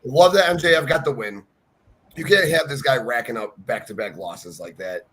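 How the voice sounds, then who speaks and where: A man co-hosting a wrestling podcast, talking in an excited, profane, gushing way. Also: mid-range voice, moderate pace, husky. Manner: profane, passionate, gushing fan. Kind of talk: excited casual podcast chat.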